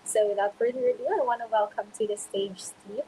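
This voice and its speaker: A woman's voice: fairly high pitch, brisk, hardly any pauses, dark tone, a little hiss or hum, low-quality recording. A woman hosting a live webinar, giving an upbeat, scripted welcome with a few fillers. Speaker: host. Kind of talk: webinar host introduction.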